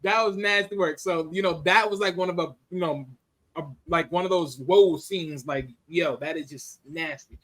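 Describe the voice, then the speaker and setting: Male movie reviewer, high and bright, casual and animated. Laughs a lot and slips into voices for the scenes. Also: normal speed.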